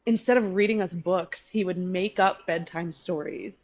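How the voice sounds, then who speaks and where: A woman's voice: on the low side, normal speed, a little mellow, muffled recording. A woman author guest chatting on a podcast, hesitant and full of fillers and laughter. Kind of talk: casual podcast interview.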